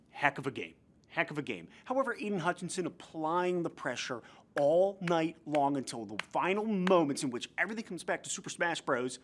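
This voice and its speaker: A man's voice: mid-range voice, fairly bright tone. A young man from New Jersey hosting a comedic football recap in a goofy, playful way. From New Jersey, USA. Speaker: host.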